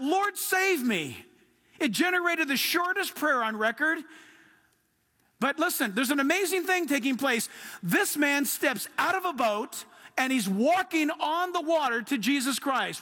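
High, bright-voiced preacher in a reverberant hall. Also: male voice. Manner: emphatic, drawn-out preaching with sudden swells. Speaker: pastor. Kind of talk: sermon.

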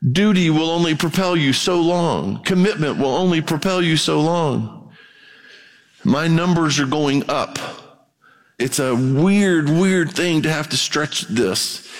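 A man preaching a sermon, conversational and animated, acting out the voices of the people he quotes. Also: a little high, slow. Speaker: pastor. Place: church. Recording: long reverb of a church hall.

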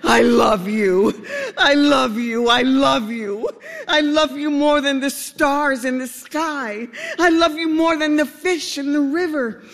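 A man's voice: extremely high pitch, slow, fairly bright tone, big-room sound, pitched above the performer's own voice, heavily acted. A man voicing a lovesick, earnest young male duck who pleads and breaks into cries. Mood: anguished.

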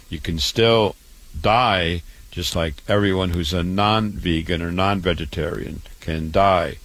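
A man's voice: sits low, a bit bright. A man, a doctor, giving a promotional health talk about his clinic, repeating himself and listing items one after another. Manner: repetitive, listing.

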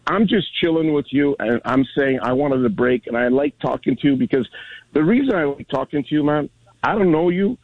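A man's voice: fairly high pitch, expressive, brisk, no room sound. A man in his sixties calling in to a sports radio show, friendly and rambling with many restarts. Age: 60s. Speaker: caller. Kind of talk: call-in radio chat. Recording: phone line, dry.

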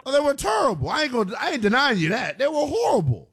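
A young man hosting a sports talk radio show, playful and animated, often laughing. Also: very high-pitched, fast, breathy edge. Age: young adult.

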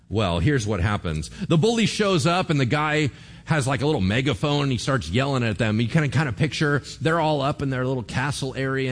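A man preaching a sermon as pastor, telling the story with animated flair and acting out the characters' lines. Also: mid-range voice.

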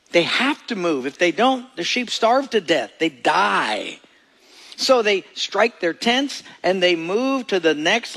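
A man preaching a sermon as pastor, storytelling and acting out voices in his anecdotes, with a gravelly voice. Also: sits high, fairly bright tone. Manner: storytelling, acts out voices in quoted jokes. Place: church sanctuary. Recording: long reverb of a large hall.

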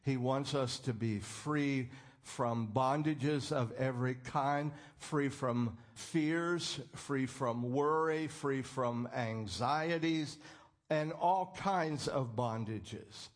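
Slow, earnest male preacher. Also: mid-range voice. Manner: earnest, emphatic, quotes scripture. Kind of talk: sermon.

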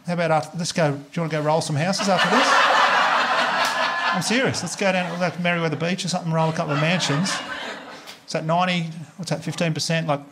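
Fast-talking Australian stand-up comedian. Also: male voice, a little high, fairly even intonation, heavy background noise. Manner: fast storytelling with acted-out dialogue. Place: live comedy venue before an audience.

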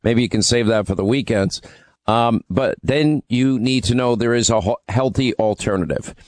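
A man's voice: medium pitch, normal speed, darkish tone, dry recording. A man hosting a radio talk show, rambling conversationally through ad reads and news, with fillers and restarts.

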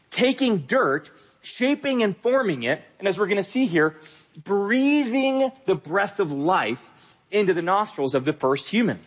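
Male pastor, sermon, husky tone, fairly high voice, emphatic, direct address.

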